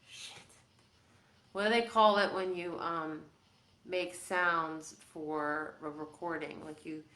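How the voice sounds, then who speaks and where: A woman hosts a loose, casual livestream and thinks out loud, stopping and restarting her sentences as ideas come. Her voice sits a bit low but sounds bright and forward. The room around her rings with a noticeable echo. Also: steady tone, takes it slowly, a little hiss or hum. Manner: rambling, thinking aloud, self-interrupting. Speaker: host.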